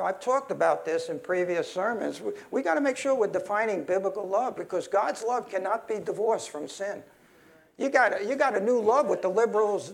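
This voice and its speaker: A man's voice: high voice, creaky. A man preaching a sermon in a heated, emphatic way, often restarting his sentences.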